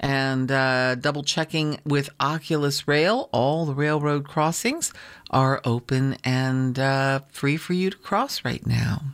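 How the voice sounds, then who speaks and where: A morning radio announcer introducing classical music and reading the weather and traffic in a relaxed, unhurried way, still in their morning voice, with small fillers. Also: medium pitch, clean tone, dry recording. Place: radio studio.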